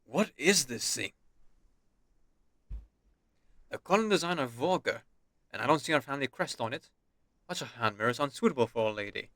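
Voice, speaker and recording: A man's voice: mid-range voice, animated, fast talker, a bit bright, dry recording, close to an everyday voice. A man voicing a haughty, scornful aristocratic father. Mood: disdainful. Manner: cold, contemptuous, scolding.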